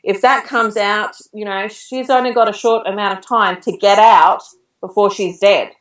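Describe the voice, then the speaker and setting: A woman's voice: mid-range voice, steady tone, moderate pace, far from the mic. A woman in her thirties, a podcast guest, telling a personal story in a chatty way and laughing now and then. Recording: roomy echo, set back from the mic.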